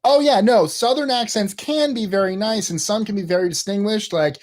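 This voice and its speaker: A man's voice: sits high, normal speed, a little mellow. A man co-hosting a live call-in stream, blunt and outspoken, reading chat messages aloud. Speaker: co-host.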